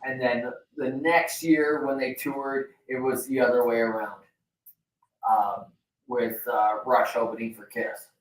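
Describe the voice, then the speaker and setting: Over a video call, with a roomy sound and the mic far away, a co-host talks in a level, unhurried mid-range voice. His casual chat-show rambling is loaded with fillers and relaxed swearing.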